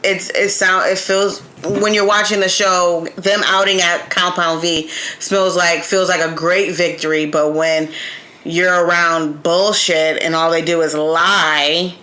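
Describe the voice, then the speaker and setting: Woman, podcast co-host, expressive casual talk, low but bright voice. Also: unhurried, low-quality recording. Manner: expressive, laughs often. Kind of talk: casual review chat.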